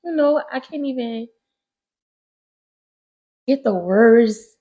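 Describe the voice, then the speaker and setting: A woman co-hosting a podcast, speaking. Her voice sits a little high and has a husky, breathy edge. She speaks softly and often chimes in with short remarks. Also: lively intonation, slow pace. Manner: soft-spoken, chiming in briefly. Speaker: podcast co-host. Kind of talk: casual chat.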